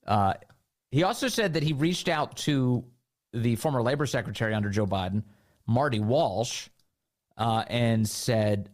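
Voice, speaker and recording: A man hosting a talk radio show, giving animated, indignant commentary and acting out mocking quotes. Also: mid-range voice, a little slow.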